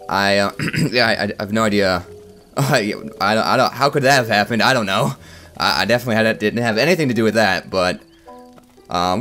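A man riffing through live gameplay commentary, tripping over his words and joking at his own expense. His voice sits at an ordinary middle pitch, with faint game music running underneath. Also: fairly bright tone. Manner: rambling, stammering, self-mocking humor. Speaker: gaming YouTuber.

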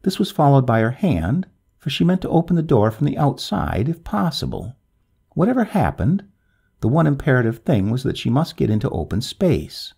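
A man narrating a classic tale in an expressive, swooping storybook delivery. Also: mid-range voice, moderate pace, gravelly, husky.

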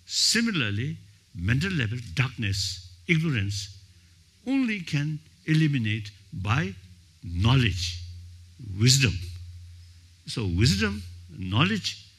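Older man, halting panel speaker. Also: medium pitch, big pitch swings, fairly bright tone, breathy edge. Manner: halting, searching for words, frequent "you see". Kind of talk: panel talk. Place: conference hall.

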